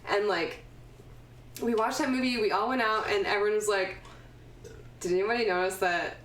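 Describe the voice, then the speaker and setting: A woman's voice: mid-range voice, fairly bright tone. Laid-back woman podcaster in an echoey room. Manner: rambling, laughs often, swears. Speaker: podcast co-host. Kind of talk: casual chat. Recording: echoey room, distant mic, faint noise.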